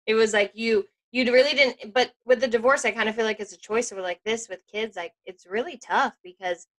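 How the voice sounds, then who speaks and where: A woman co-hosting a podcast in casual chat, speaking emphatically and reacting with quick interjections. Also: a little high, a bit bright. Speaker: podcast co-host.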